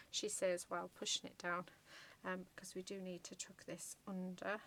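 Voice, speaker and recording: A woman's voice: fairly low pitch, level tone, moderate pace, fairly bright tone. A woman chatting casually through a card-making tutorial, gushing over her work with many ums and murmured asides. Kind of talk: casual crafting tutorial chat.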